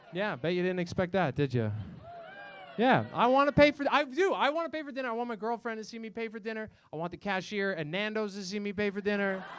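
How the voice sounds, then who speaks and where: A man's voice: sits high, slight background noise. A young man performing a self-mocking stand-up set in a comedy club, swearing and acting out voices.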